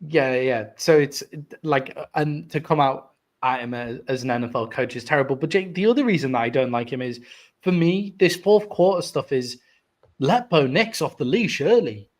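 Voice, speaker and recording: A British man co-hosting a sports podcast, talking in a loose, animated way full of filler words and small rants. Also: mid-range voice, normal speed. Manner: animated, ranting, frequent "like" fillers. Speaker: podcast co-host. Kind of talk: casual sports chat.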